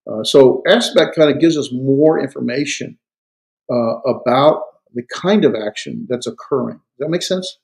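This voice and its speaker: A man's voice: mid-range voice, normal speed, vocal fry, darkish tone. A man teaching a class on verbs in a conversational lecture style, often checking that students follow and dropping dry sarcastic asides. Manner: conversational, checks understanding with "right?". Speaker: Greek grammar teacher.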